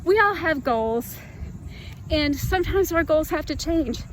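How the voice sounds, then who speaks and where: Breathless high-voiced woman in her fifties. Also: expressive, measured pace, a little hiss or hum. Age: 50s. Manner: chatty and earnest, addresses viewers as y'all. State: out of breath after a run. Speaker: fitness vlogger. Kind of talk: casual heartfelt talk to camera.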